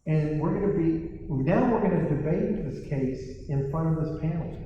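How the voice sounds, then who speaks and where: Man, animated seminar presenter, wry, far from the mic, echoey hall, dull sound. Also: a little high, normal speed, slight background noise. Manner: animated and wry, acting out quoted exchanges. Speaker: property tax seminar presenter. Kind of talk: live seminar talk.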